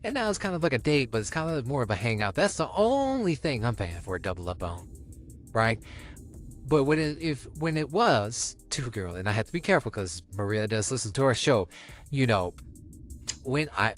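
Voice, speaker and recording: A man's voice: mid-range voice, big pitch swings, moderate pace, faint music behind. A young man co-hosting a podcast, talking casually and easygoing about dating and his girlfriend. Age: young adult. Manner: easygoing, rambling with restarts. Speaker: podcast co-host.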